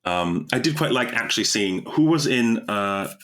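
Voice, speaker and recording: A man's voice: mid-range voice, expressive, moderate pace, a bit bright. A man co-hosting a podcast, chatting casually, rambling and tripping over his words, laughing often. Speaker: podcast co-host. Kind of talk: casual chat.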